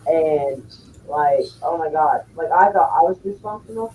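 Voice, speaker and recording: A woman's voice: low voice, normal speed, dark tone, recorded from a distance, a little hiss or hum, low-quality recording. A woman telling a story in casual chat, blunt and full of swearing. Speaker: streamer chatting with viewers.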